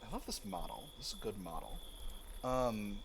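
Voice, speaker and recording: A gaming channel host with a fairly low, animated voice and vocal fry does let's-play commentary at a moderate pace over a noisy background. He reads the game's text aloud and works through his choices with fillers and restarts.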